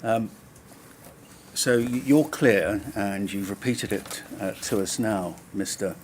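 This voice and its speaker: Brief: low-voiced male barrister, formal, pressing questions, faint room hiss. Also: a little mellow. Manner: measured, probing, pressing follow-up questions. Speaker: inquiry counsel questioning a witness. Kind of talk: formal cross-examination. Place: public inquiry hearing room.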